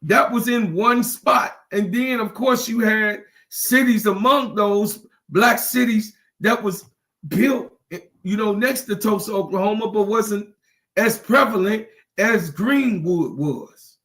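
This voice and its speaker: Slow, high-voiced man preaching to viewers. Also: a bit bright. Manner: preachy, repetitive, emphatic; emotional, near tears. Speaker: channel host. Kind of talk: impassioned livestream talk.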